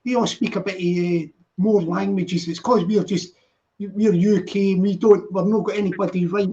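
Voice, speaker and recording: A British man hosting a casual chat, agreeable and halting, restarting his sentences often. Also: sits high, steady tone, mellow. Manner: agreeable, backchannels "yeah" a lot, halting. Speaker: host of a live stream. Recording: dull lo-fi sound.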